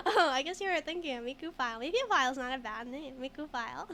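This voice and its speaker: A woman streaming a game, chatting casually and giggling often as she jokes with her chat. Her voice is high and bright. A faint noise sits under the recording. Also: lively intonation, brisk. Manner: giggly, joking, laughs often, reads chat. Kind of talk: casual let's-play commentary.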